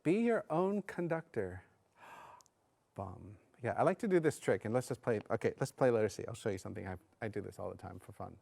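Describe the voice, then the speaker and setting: A man coaching a bassoon section in rehearsal, singing phrases aloud between hesitant spoken notes. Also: expressive, brisk, creaky, darkish tone.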